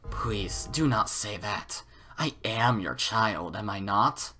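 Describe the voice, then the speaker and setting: A creepy young stranger murmurs in a hushed, slow, eerie voice, as a man plays him. The tone stays bright and crisp. Faint game music plays underneath. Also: lowish voice, lively intonation, heavily acted. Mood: menacing. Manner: soft, quiet, eerie, deliberate.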